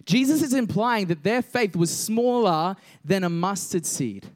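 A young man preaching a casual sermon to a congregation, reading scripture, joking with the listeners and slowing down for emphatic points. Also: high-pitched, animated. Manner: conversational, jokes with congregation, builds to emphatic slow declarations.

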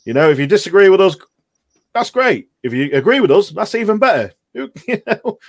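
Easygoing man, slightly high. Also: big pitch swings, a little fast. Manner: laughing, easygoing. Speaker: podcast guest. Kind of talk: casual podcast chat.

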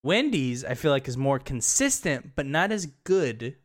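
A man co-hosting a casual podcast chat, animated and joking, who swears freely and sometimes shouts for laughs. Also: medium pitch, unhurried. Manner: animated, swears freely, bursts into loud jokes. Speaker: podcast co-host.

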